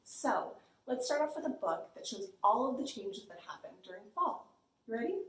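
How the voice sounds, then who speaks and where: A woman's voice: on the high side, very animated, normal speed. A young woman librarian leading a children's storytime, bubbly and sing-song. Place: library room. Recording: echoey room.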